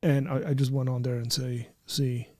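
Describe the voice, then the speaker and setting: A man's voice: medium pitch, flat delivery, normal speed, darkish tone, dry recording, studio quality. A man co-hosting a live commentary stream, chatting casually and backing his partner with emphatic agreement. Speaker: co-host.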